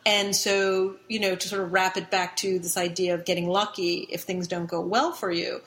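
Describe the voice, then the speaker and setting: A woman's voice: on the low side, flat delivery, normal speed, fairly bright tone. A middle-aged woman, a guest in an interview, telling a long story casually, rambling with restarts and fillers, sometimes laughing as she talks.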